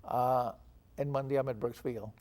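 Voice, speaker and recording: Moderately paced and fairly even in intonation, a darkish medium-pitched voice belongs to an older veteran from San Antonio, Texas. In this oral history interview he tells of his past, playing out the dialogue he quotes.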